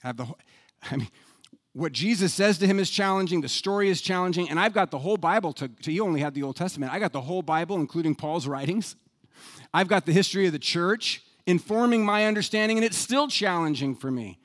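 A man's voice: high-pitched, lively intonation, quick pace. Emphatic male pastor preaching. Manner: emphatic, varies loudness for stress. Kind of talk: sermon.

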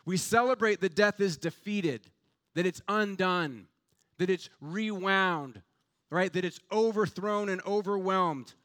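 A pastor delivers an impassioned sermon, his voice sitting fairly high for a man. He preaches with fervent, building emphasis, pressing each point with rhetorical questions. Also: unhurried, fairly bright tone.

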